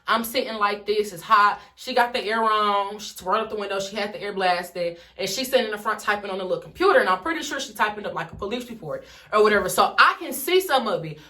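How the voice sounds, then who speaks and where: A woman's voice: medium pitch, fast. A young woman from Detroit telling a story in a casual vlog, swearing freely and acting out everyone's lines. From Detroit, USA. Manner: animated, swears freely, acts out the dialogue. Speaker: vlogger.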